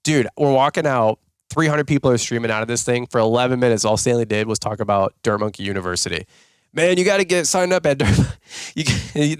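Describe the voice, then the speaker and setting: A man hosting a podcast, telling rambling, self-mocking stories full of fillers and jumping up in pitch whenever he quotes someone. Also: clear, resonant tone, no room sound, clean studio sound. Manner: filler-heavy, self-mocking, jumps into higher-pitched voices when quoting people. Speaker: podcast host. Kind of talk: casual rambling storytelling.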